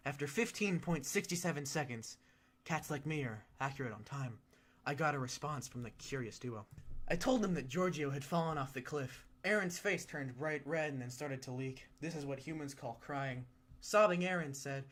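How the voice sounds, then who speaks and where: Animated man reading a story aloud. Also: on the high side, normal speed. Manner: animated, with sudden loud emphatic rises. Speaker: reader.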